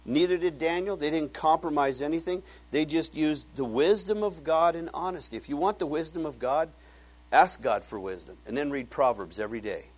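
An older man giving a casual Bible teaching, telling folksy stories and acting out the voices of the people in them. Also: a little high. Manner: folksy storytelling, acts out quoted voices. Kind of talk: casual sermon.

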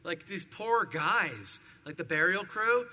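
A man preaches a sermon, working through verses and acting out scenes with lively energy. His voice is very bright and sits a little high. A long hall reverb trails his words. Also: slow. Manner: animated preaching with acted-out scenes. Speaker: pastor.

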